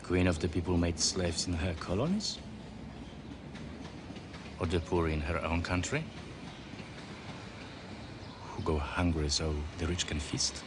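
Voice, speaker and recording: A man's voice: deep voice, a little slow, pauses often, noisy background. A man playing a bitter, hard-drinking Polish immigrant in 1950s Australia, speaking broken English with a Polish accent. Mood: brooding. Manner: broken English, brooding then boisterous. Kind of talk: film drama acting.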